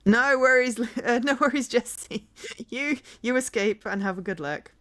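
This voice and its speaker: A woman's voice: a little high, measured pace, fairly bright tone. A woman streaming from home, chatting casually with her viewers, rambling, laughing often and humming bits of songs.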